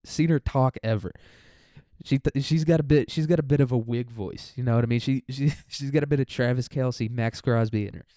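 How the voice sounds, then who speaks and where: A man's voice: mid-range voice, a little fast, mellow, no echo, clean studio sound. A young man in a casual solo podcast monologue who rambles and swears and laughs often, sounding mentally tired. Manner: rambling, crude, laughs a lot. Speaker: student podcaster.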